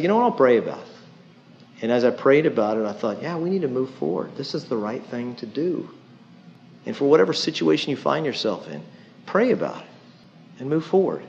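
Male pastor preaching with dry humor. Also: mid-range voice. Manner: conversational preaching, dry humor, frequent asides. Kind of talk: sermon. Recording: dull lo-fi sound.

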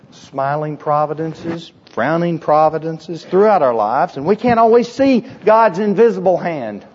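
A man preaching a sermon with a husky voice, emphatic and repetitive, asking the congregation rhetorical questions. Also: sits high, a little mellow, big-room sound, muffled recording. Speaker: pastor.

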